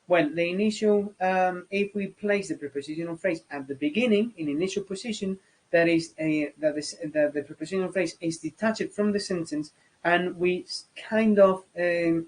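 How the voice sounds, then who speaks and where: In a slightly high voice over poor audio, a hesitant man gives a spoken grammar lesson to English exam candidates, full of fillers and restarts.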